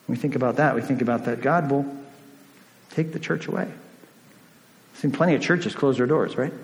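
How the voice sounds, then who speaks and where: A man's voice: medium pitch, moderate pace, gravelly, long pauses. A man preaching a sermon as a pastor, earnest, often checking in with "right?". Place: church sanctuary. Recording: echoey reverberant church hall.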